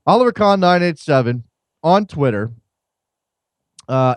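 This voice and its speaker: A man's voice: fairly high pitch, dry recording. Wry, rambling male radio host. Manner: wry and rambling, often repeats words. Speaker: host of a soccer call-in show. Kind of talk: casual chat.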